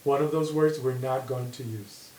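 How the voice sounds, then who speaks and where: A man teaching a grammar lesson, dictating sentences slowly and reading out the punctuation. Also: mid-range voice, fairly even intonation, warm tone. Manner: slow, deliberate dictation, reading punctuation aloud. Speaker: English teacher. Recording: echoey room with faint hiss.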